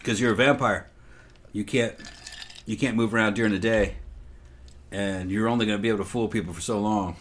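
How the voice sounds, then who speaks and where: Halting, profane man in casual talk. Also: fairly low pitch, fairly even intonation, a little hiss or hum. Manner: halting, with many restarts and swearing. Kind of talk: casual conversation about films.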